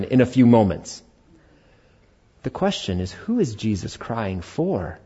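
A man preaching a sermon as pastor, switching between loud emphatic lines and quiet, soft-spoken passages. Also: mid-range voice, big pitch swings, a little slow, long pauses, breathy edge, muffled recording. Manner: swings from loud emphasis to hushed, soft asides.

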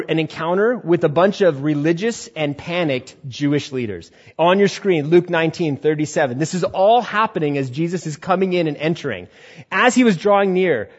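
A man preaching a sermon, swinging between loud emphatic passages and quiet, low reflection. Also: lo-fi sound. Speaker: pastor.

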